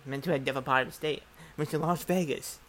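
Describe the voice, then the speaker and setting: Man, casual storytelling, profane and rambling, fairly high voice. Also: fairly even intonation, fast, fairly bright tone, slight background noise. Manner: profane, rambling, acts out dialogue.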